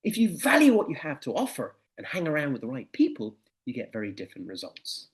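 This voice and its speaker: A man voicing a calm father advising his teenage son in a spoken story. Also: a little high, fast. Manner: calm, instructive.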